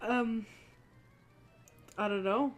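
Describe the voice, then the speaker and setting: A woman's voice: on the high side, extremely slow, music in the background. Young woman casually telling ghost stories. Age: young adult. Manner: chatty, swears freely, quotes people in lively voices. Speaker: channel host.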